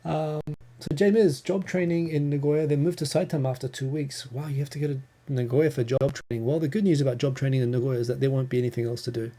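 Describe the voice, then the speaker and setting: A New Zealand man hosts a casual live Q&A from home. His voice is dark and gravelly, and his mid-range pitch stays even. He rambles happily, filling gaps with ums and correcting himself in mid-sentence. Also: fast. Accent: New Zealand English. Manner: chatty, rambling, with frequent ums and self-corrections. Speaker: livestream host answering viewer questions.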